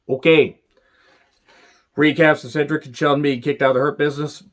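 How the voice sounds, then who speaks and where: A man reviewing a wrestling show in a casual, profane rant, sarcastic and dry, with sudden sharp outbursts. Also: mid-range voice, flat delivery, normal speed.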